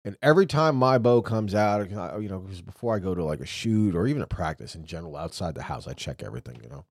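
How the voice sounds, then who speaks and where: A man's voice: low-pitched, quick pace, no echo, studio quality. A man in his thirties co-hosting a casual podcast, talking loosely and swearing freely. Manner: animated, swears freely, acts out quotes. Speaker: podcast co-host. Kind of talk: casual chat.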